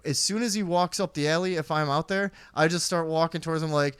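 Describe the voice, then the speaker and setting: A man's voice: on the high side, animated, fast, hardly any pauses, fairly bright tone, clean tone, no room sound, studio quality. A man co-hosting a podcast, telling rambling neighborhood stories in casual chat. He swears freely and acts out the people in his stories. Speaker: podcast co-host.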